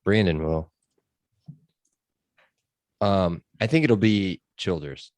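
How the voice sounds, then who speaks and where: A man's voice: deep voice, slow pace, a little mellow, no echo. A man hosting a casual sports podcast, chatty and loose with lots of fillers. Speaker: podcast host.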